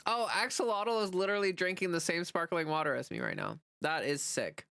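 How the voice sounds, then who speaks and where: Woman streamer, casual chatter with viewers; bright, forceful tone; dry recording. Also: lowish voice, a little fast, clear, resonant tone, no room sound. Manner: chatty, answers chat messages, many "like" fillers. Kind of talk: casual livestream chat.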